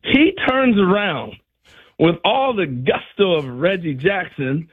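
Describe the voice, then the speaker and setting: A former ball player, an older man, tells animated stories on a talk show and acts out other people's lines with laughs. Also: high voice, slow pace, husky. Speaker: former baseball player, guest. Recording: dull lo-fi sound.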